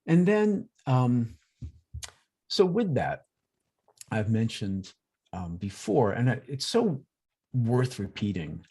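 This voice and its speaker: A man with a gravelly, slightly husky voice leads a workshop over a video call. His pitch rises and falls a lot as he talks through examples. He slips into quick little imitations of other people along the way. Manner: lively, acts out examples in quoted voices. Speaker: workshop presenter on emotional intelligence. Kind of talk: conversational workshop talk.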